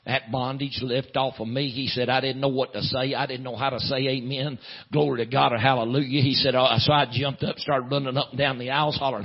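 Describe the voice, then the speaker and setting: A man preaching a sermon in a folksy drawl, filling pauses with "uh", swinging from loud preaching to hushed storytelling. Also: mid-range voice, flat delivery, husky. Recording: dull lo-fi sound.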